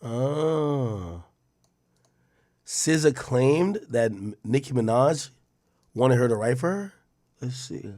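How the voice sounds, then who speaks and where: A man's voice: medium pitch, lively intonation, slow pace, long pauses, dark tone, no room sound, studio quality. A man streaming live, reading posts aloud and muttering his reactions to himself, rambling and swearing freely.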